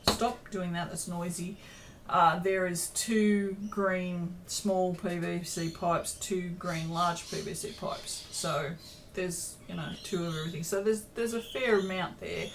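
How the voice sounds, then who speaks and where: In her craft room at home, a tired small business owner talks to camera in a voice on the low side, giving viewers an update. It's a chatty, self-deprecating ramble full of ums and tangents, with a little hiss or hum present.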